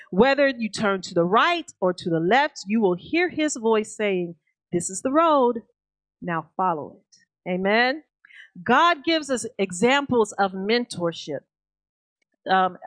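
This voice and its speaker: A woman preaching in an emphatic, call-and-response way, reading scripture aloud between rising exhortations. Her voice sits somewhat high. The sound is dry and close. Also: fairly bright tone, dry recording. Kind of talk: sermon.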